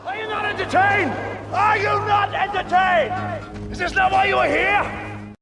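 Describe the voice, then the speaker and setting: An actor playing a defiant male gladiator, shouting a challenge at an arena crowd in a film clip. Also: very high voice, little pitch movement, measured pace, vocal fry, far from the mic, music in the background, full character voice.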